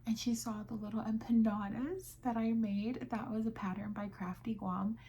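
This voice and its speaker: Chatty young woman with gravelly fry. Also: fairly high pitch, fairly even intonation, moderate pace, warm tone, slight background noise. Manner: chatty, with fillers and quoted dialogue. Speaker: crochet vlogger. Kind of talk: casual chat.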